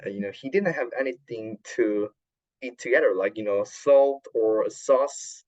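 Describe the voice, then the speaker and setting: Halting man retelling a film. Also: mid-range voice, darkish tone, dull audio. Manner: halting, many fillers and restarts, non-native grammar. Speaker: podcast host. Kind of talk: casual retelling of a film plot.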